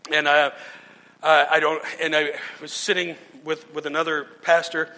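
A male pastor delivers a sermon, earnestly telling stories and frequently restarting his sentences. His voice sits fairly high and sounds pushed and bright, with a flat delivery at normal speed. A long hall reverb surrounds the recording.

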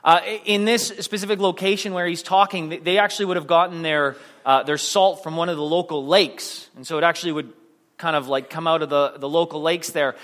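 A man's voice: fairly high pitch, steady tone, fairly quick, fairly bright tone. Man preaching in a reverberant church hall. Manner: conversational, rambling with restarts and self-deprecating jokes. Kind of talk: sermon.

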